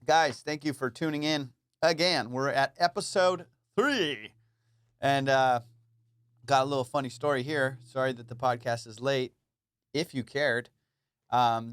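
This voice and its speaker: A man's voice: medium pitch, fairly bright tone, clean tone, no room sound, studio quality. A young adult man chatting casually on his own solo comedy podcast, rambling, playful and self-mocking, swearing freely.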